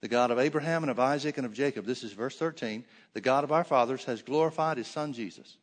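A man's voice: medium pitch, fast, big-room sound. A man teaching a sermon, reading Bible verses aloud and explaining them in plain talk with frequent restarts. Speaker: preacher.

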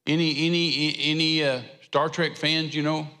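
High, bright preacher man. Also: flat delivery, moderate pace. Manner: folksy storytelling with drawled asides. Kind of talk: sermon. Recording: echoey hall reverb.

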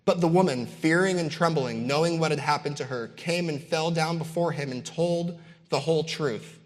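A man preaches with emphatic, repeating build-ups, breaking into casual asides between points. His voice sits a little higher than most men's. A long reverb trails every phrase, as in a large hall. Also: moderate pace. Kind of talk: sermon.

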